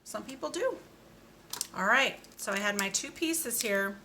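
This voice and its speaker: A woman teaching speech sounds to a young child, speaking slowly and patiently with bright, clear tone. Each sound is modeled deliberately and encouragingly. Faint ambient noise in a small room. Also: mid-range voice, animated. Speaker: speech therapist.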